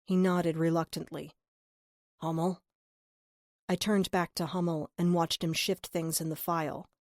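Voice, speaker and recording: Woman reading a crime audiobook, first person, lowish voice, earnest, super dry close mic. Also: flat delivery, moderate pace, no echo. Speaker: audiobook narrator.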